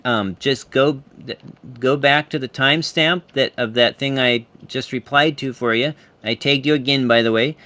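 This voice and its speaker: A man's voice: mid-range voice, moderate pace, bright, forceful tone. A man in a heated online call debate, defensive and stumbling over his words as he restarts his sentences. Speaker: debate panelist.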